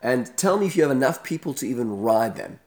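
A man's voice: mid-range voice, sing-song, fast talker, darkish tone. A man putting on a mocking, scornful ancient general. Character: arrogant taunting male Assyrian general.

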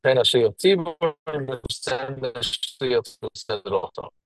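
Here a man with a mid-range voice works through a Hebrew text line by line, reading phrases and explaining them in plain English at normal speed. The low-quality recording carries slight background noise.

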